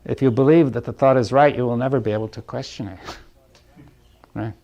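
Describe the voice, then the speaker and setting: A man giving a reflective talk to a group, thinking aloud in halting phrases, checking in with "right?" and chuckling lightly between points. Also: mid-range voice, fairly even intonation, mellow, highs cut off. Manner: thoughtful, halting, often asks "right?". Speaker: speaker leading a group dialogue.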